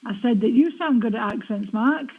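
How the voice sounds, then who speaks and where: A woman doing casual live-stream commentary on a pool match, chatty and quick to laugh. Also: on the high side. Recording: dull lo-fi mic with faint noise.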